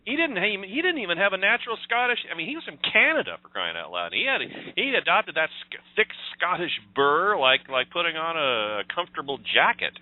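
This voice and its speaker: A man co-hosting a casual political chat, with mocking sarcasm and a quick laugh. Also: high voice, big pitch swings. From United States. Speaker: co-host. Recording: dry, phone-like sound.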